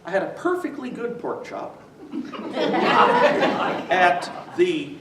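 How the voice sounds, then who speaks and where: A man with a high voice lectures slowly to a church class, stopping often to prompt his audience to finish a sentence, and chuckling as he tells his stories. He is picked up from well across a roomy, echoing space. A faint hiss sits under the whole recording. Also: sing-song. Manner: quizzes the audience with "what?" prompts; chuckles while telling stories. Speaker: visiting lecturer on the New Testament. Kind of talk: church adult-education lecture. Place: church meeting room with a live audience. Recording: echoey room from far off, faint noise.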